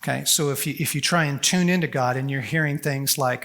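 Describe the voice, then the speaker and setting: Animated bright-voiced man giving a faith talk. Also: a little high, gravelly. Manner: animated, folksy, quick asides and acted-out prayers. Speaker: conference speaker. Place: large conference hall.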